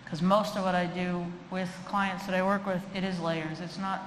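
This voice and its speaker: A woman's voice: lowish voice, flat delivery, moderate pace. A woman giving a humorous live lecture on animal behavior and fear, acting out the voices of the people she quotes. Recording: echoey hall, faint room noise.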